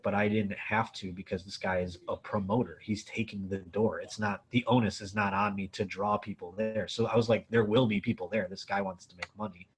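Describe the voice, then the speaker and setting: Guesting at a Q&A, the Buffalo-born comedian relates a story with casual animation, dropping lots of curse words and "like"s. His male voice sits on the low side and has a husky quality.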